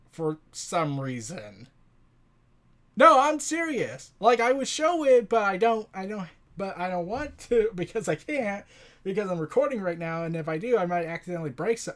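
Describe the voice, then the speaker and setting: A comic book reviewer recapping an issue in a rambling, joking, casual way. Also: medium pitch. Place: home recording setup.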